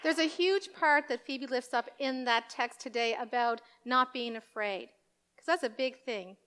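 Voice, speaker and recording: A woman's voice: on the high side, measured pace, fairly bright tone, clean tone. A woman pastor giving a children's sermon, telling the story with animation and acting out voices.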